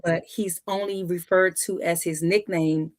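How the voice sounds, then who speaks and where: Animated woman telling a family story. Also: on the low side, a little slow. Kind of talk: casual storytelling.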